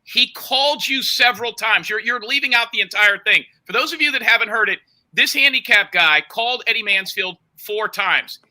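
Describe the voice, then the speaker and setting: A man with a very high, sharply bright voice, pressing on through a heated argument. He retells a story insistently and keeps demanding to finish over the interruptions. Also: normal speed, rough recording. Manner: insistent, talks over others, retells calls with quoted voices. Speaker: show host under confrontation.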